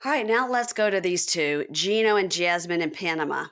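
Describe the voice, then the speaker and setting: A woman's voice: fairly low pitch, animated, normal speed, a bit bright. A woman hosting a podcast, chatting casually and animatedly as she recaps a reality TV episode and acts out what people said. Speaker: podcast host.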